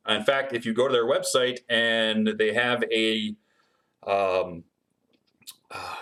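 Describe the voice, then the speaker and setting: A man demonstrates his guitar-building process during a relaxed livestream Q&A, reading viewers' questions out loud and replying in a chatty, um-filled way. His voice is of average pitch with a fairly bright tone.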